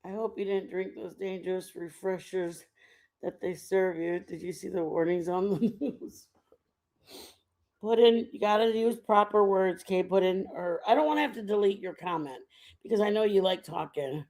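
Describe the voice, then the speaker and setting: A middle-aged woman from the United States rambles on a live stream, chatting loosely with her viewers. She sits at a middling pitch, and her talk wanders from one aside to the next. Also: moderate pace, a little mellow. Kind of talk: casual chat.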